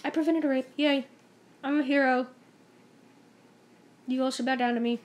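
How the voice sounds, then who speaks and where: A woman's voice: high-pitched, fairly even intonation, normal speed. A young woman vlogger telling a story-time tale in a chatty, emphatic way, acting out the dialogue.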